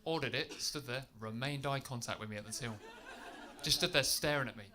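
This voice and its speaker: A man from Britain performing a stand-up comedy set in a club, telling a chatty story with tag questions that bursts into shouted rants. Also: mid-range voice, fairly quick, crowd noise. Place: comedy club stage with laughing audience.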